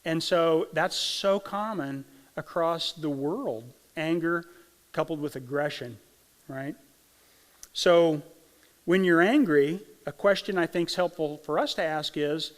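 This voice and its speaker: Folksy pastor preaching in a reverberant church. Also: male voice, on the high side, slow pace. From Arkansas, USA. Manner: conversational, folksy, asks the congregation "right?". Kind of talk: sermon. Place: church sanctuary. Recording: long church hall reverb.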